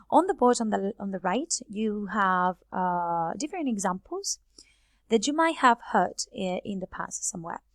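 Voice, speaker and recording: A woman's voice: medium pitch, dry recording. Woman teaching grammar in a dry recording. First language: Spanish. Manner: explanatory, reads example sentences aloud from a board. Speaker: English teacher. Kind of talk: grammar lesson.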